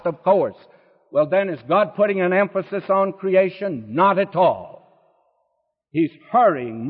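A man teaching a Bible sermon in a folksy, emphatic way, asking rhetorical questions. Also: high voice. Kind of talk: radio sermon. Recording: tinny, phone-like sound with long reverb.

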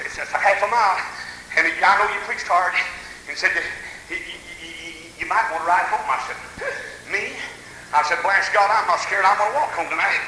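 A man from South Carolina telling a folksy story in a sermon, shouting hallelujahs as he preaches. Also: sits high, roomy sound, background noise. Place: church.

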